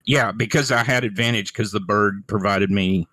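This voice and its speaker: A man's voice: lowish voice, steady tone, moderate pace, bright, forceful tone, dry recording. A man playing a spellcaster in an online tabletop game, thinking aloud as he plans his turn. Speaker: player. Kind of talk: casual tabletop play over a voice call.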